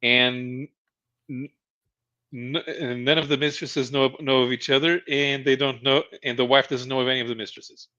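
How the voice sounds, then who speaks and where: Guy co-hosting a chat stream, bright voice, lots of restarts, kinda dull lo-fi sound. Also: mid-range voice, flat delivery. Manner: halting, many restarts and chuckles while explaining. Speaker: podcast co-host. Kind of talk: casual chat.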